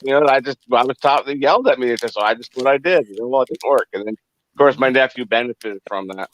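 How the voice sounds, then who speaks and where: A man hosting a casual chat stream, telling stories in a laid-back, drawn-out way. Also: medium pitch. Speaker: stream host.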